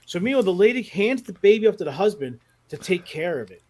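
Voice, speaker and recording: High-voiced, animated man telling stories. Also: quick pace. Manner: animated, profane, laughs through his stories. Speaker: podcast guest who works as a mall Santa. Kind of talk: casual podcast storytelling.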